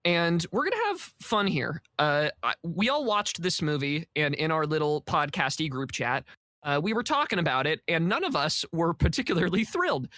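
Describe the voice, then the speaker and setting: A man's voice: a little high, sing-song, moderate pace, pushed and bright, no room sound, clean studio sound. A man hosting a movie podcast in casual chat, joking and hamming it up. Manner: jokey, hammy. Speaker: podcast host.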